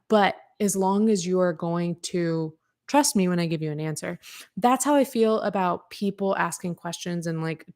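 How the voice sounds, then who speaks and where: A woman's voice: fairly low pitch, darkish tone. A woman hosting a podcast livestream, rambling casually with lots of fillers and restarts, frank and sometimes swearing, answering her chat. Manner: talks to live chat readers. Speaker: podcast host.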